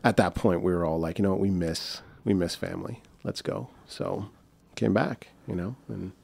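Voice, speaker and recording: A man's voice: sits low, normal speed, creaky, a little mellow, husky, no echo. A young man telling a rambling story in casual chat, with many fillers and restarts, acting out the voices of the people in it. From United States. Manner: acts out quoted voices. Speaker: guest.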